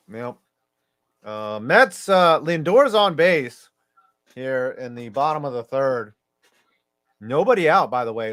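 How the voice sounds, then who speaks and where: A man's voice: medium pitch, a bit bright. A man co-hosting a casual baseball watch-along, rambling and laughing at his own jokes. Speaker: co-host.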